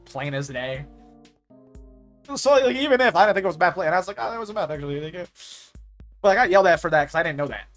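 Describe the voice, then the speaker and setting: A man's voice: mid-range voice, fairly bright tone. A young man streaming a game, chatting casually and rambling, often saying "like" and ranting when annoyed. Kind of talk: casual live-stream chat while gaming.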